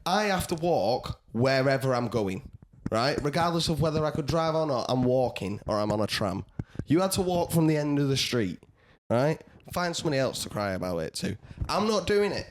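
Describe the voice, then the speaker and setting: A man's voice: medium pitch, big pitch swings, normal speed, few pauses, a little hiss or hum. A man co-hosting a podcast, ranting in mock indignation and teasing his friends. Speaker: podcast co-host. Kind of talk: casual banter.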